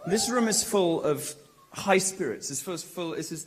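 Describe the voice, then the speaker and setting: A British man giving a provocative, mocking live speech to a college crowd in a large, lively room, delivering it loudly and with projection. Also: fairly high pitch, normal speed, hardly any pauses, slight background noise. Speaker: public speaker.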